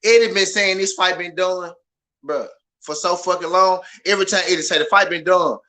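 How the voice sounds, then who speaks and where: Loud, ranting man with a bright, high voice. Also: moderate pace. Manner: loud, passionate, profane, repetitive. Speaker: boxing podcast host. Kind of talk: animated ranting commentary.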